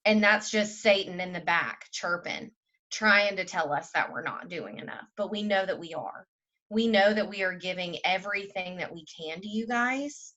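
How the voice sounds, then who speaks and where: A woman leading a group call, giving a fervent, preachy pep talk that swings between loud and soft. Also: medium pitch, highs cut off. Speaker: team leader on a group call.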